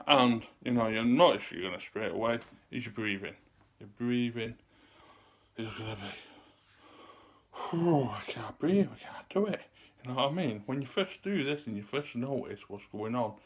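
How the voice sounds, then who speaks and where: A man, rambling in a loose, chatty way to camera and sometimes getting out of breath. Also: medium pitch. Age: 30s. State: out of breath at times. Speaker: vlogger. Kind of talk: casual talk to camera.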